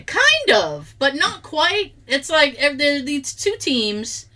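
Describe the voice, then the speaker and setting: Lively, bright-voiced young woman chatting. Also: high voice, slow. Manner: lively storyteller, laughs often, acts out quotes. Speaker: podcast co-host. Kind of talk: casual chat.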